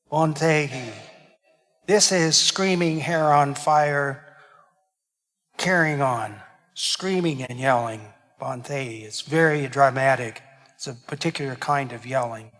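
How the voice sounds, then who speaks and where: Priest preaching in a reverberant church. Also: male voice, fairly high pitch, fairly bright tone. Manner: explains Greek words with dramatic emphasis. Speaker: pastor. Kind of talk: sermon.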